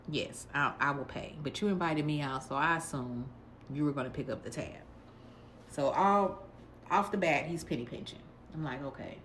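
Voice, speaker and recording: Low-voiced, sassy woman telling a story. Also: slight background noise. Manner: sassy, animated, blunt. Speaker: vlogger telling a dating story. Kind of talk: casual storytelling.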